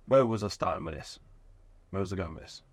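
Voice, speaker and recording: A man in his thirties, a garage owner, telling his story in an animated, profane, casual way and acting out the voices of people he quotes. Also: low-pitched, fast, slightly rough.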